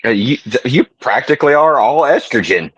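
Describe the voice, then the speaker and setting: A man's voice: mid-range voice, expressive, moderate pace, a bit bright, breathy edge, dry recording, muffled recording. A man on a casual podcast, cracking dry jokes in a laid-back way. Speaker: podcast co-host. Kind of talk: casual chat.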